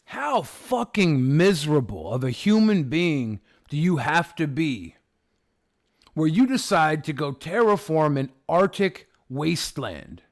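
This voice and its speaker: A man hosting a livestream, chatting casually with his viewers in a rambling, profane, sarcastic way. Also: on the high side. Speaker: livestream host. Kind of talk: casual livestream chat reading viewer comments.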